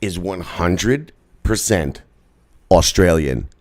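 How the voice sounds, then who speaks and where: A man's voice: sits low, expressive, takes it slowly, a little mellow. A man co-hosting a podcast, ranting and mocking with heavy profanity in casual chat. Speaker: podcast co-host.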